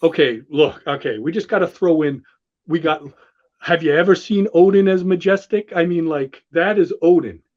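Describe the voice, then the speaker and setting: A high-pitched man talks in an excitable, gushing ramble, often restarting his sentences. The sound is dull and lo-fi. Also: normal speed. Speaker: show host walking through a comic. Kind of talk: enthusiastic casual commentary.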